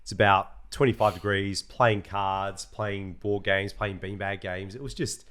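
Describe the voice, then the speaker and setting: A man's voice: lowish voice, fairly even intonation, measured pace, fairly bright tone. An Australian man co-hosting a podcast, chatty and teasing, casually talking over a remote call. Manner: chatty, teasing, drops "mate" often. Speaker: podcast co-host. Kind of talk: casual chat.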